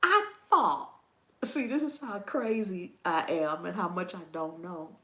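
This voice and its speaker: A woman hosting a gardening channel chats with her viewers, telling a story in an animated way. She laughs and exclaims often, and her pitch swings high and low. The recording sounds like an echoey room. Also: moderate pace. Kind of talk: casual chat with viewers.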